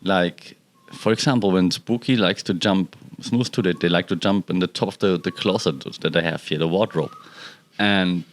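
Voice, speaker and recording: On his home balcony, a podcast host with a deep voice and normal speaking speed records a laid-back solo episode. He wanders from topic to topic and pauses mid-sentence to address his cats.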